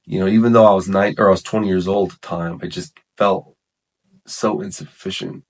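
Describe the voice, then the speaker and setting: A man with a very low voice tells his story of coming to faith in relaxed, conversational talk. He rambles, corrects himself mid-sentence and peppers his speech with "like" and "man". It sounds like an unscripted chat with a listener. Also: a little fast. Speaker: guest sharing his testimony. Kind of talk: casual testimony chat.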